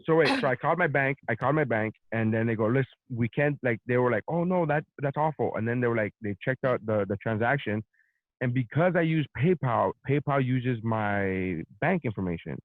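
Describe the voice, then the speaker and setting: A man's voice: mid-range voice, fairly quick, no room sound. Podcast host, male, swearing storyteller; dry, phone-narrow sound. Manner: profane, animated storytelling. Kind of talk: casual storytelling rant.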